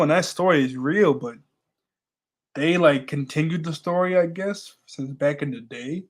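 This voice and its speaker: A man hosting a casual manga reaction, reading panels aloud and musing between them with fillers and quick laughs. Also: on the high side.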